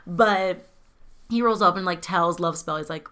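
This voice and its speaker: A woman's voice: lowish voice, measured pace, pushed and bright. A woman co-hosting a casual podcast, recapping a film in a chatty, laughing way with casual swearing and acted-out quotes. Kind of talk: casual chat.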